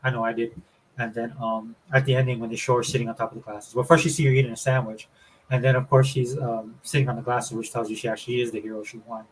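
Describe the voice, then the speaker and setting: A man's voice: medium pitch, level tone, fast, a little hiss or hum, poor audio. A man from Florida hosting a casual gaming show, rambling with enthusiasm and saying "dude" and "man" often. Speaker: show host.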